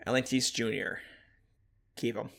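Podcast host, male, gravelly bright voice, calls out names briskly. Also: mid-range voice, level tone. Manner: reads out names and keeps the vote moving. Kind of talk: casual chat.

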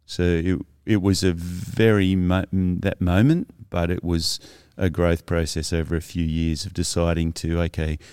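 A middle-aged man, a podcast guest telling his personal story in a reflective, halting way with many restarts. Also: low-pitched, flat delivery, a little mellow, clean tone, no echo, studio quality. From Australia.

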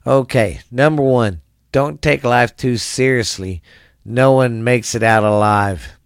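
A man's voice: medium pitch, slow pace, clean tone, no echo, clean studio sound. A tired man hosting his own podcast in loose, rambling, crude casual chat, coughing and trailing off. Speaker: podcast host.

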